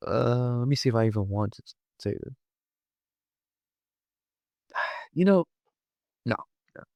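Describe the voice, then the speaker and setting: A man's voice: medium pitch, expressive, measured pace, gravelly, a little mellow, no echo. A man giving casual commentary on his vlog, rambling with lots of fillers and restarts. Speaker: wrestling vlogger.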